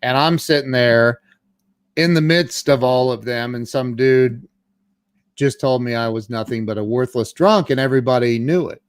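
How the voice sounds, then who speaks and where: A middle-aged man tells his own story as a guest, candid and unpolished. He stammers and restarts often. His voice sits at an ordinary pitch and is recorded close and dry, with no room echo. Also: clear, resonant tone. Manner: halting, with frequent stammered restarts.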